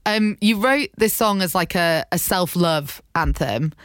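A woman's voice: on the low side, animated, unhurried, no room sound. A woman radio host from the UK, interviewing a guest in a friendly, chatty way. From United Kingdom. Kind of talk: casual interview chat. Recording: dry close mic.

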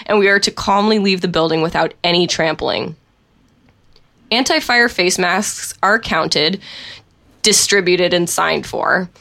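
Lowish woman reading aloud wryly. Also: pushed and bright. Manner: laughs often while reading, wry. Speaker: co-host reading a story aloud. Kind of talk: reading a written story aloud.

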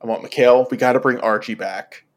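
Self-mocking and full of jokes, this basketball fan podcast host keeps it casual and breaks into animated impressions when quoting people. His voice is mid-range and his pace a little quick.

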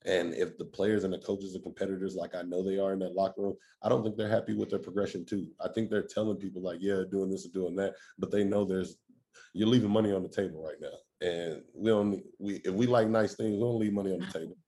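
A man's voice: low voice, steady tone, fast, dark tone, a little hiss or hum. A man in his thirties, a former college football player, talking football in a casual chat with emphatic, repetitive, slangy delivery.

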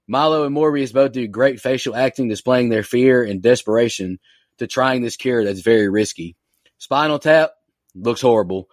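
Dry-sounding film podcaster. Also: male voice, medium pitch, no room sound. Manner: reads through his notes point by point. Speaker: podcast co-host reviewing a film. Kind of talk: casual chat from notes.

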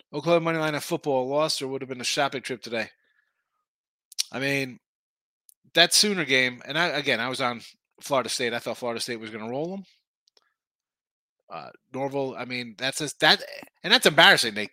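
Bright-voiced man rambling about sports bets. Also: mid-range voice, dry recording. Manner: rambling, repeats himself, talks in betting numbers. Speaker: sports betting show host. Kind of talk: casual sports betting talk.

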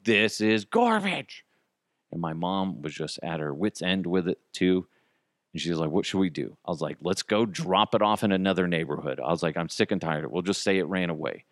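Lively low-voiced man telling stories. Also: no echo, studio quality. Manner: animated, jokey, self-deprecating. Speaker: podcast host. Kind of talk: casual storytelling monologue.

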